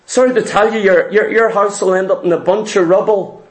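A man's voice: high voice, steady tone, fairly quick, echoey room. A man preaching a fervent sermon, asking his congregation question after question and repeating words as he presses his points.

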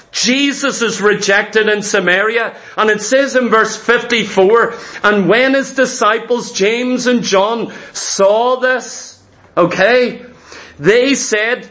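A man preaching a sermon, retelling scripture stories with animated delivery and acting out the disciples' voices. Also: very high voice, a little slow.

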